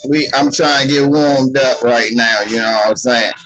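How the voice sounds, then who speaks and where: A man's voice: medium pitch, fairly even intonation, normal speed, fairly bright tone, faint music behind, rough recording. A man hosting a casual livestream, greeting viewers by name in loose slang. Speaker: livestream host.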